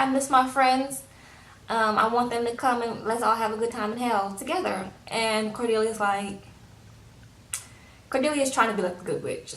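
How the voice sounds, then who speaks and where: A woman's voice: fairly high pitch, a bit bright. A young woman from Louisiana, sassily recapping a TV episode in casual chat and acting out the characters' lines. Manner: chatty and sassy, acts out characters' lines. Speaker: TV recap vlogger. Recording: echoey room.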